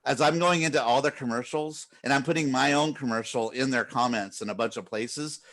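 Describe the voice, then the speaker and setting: A man's voice: medium pitch, fairly quick, a bit bright. Exasperated man ranting. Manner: profane, exasperated storytelling. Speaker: podcast co-host. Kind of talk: casual group chat, ranting.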